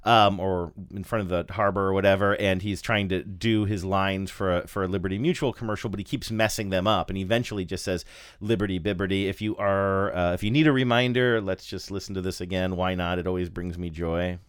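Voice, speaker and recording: A man's voice: low-pitched, fairly even intonation, fairly quick, clean tone, no echo, studio quality. A man hosting a podcast in casual chat, reading out listener messages. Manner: chatty, reads listener comments. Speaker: podcast host.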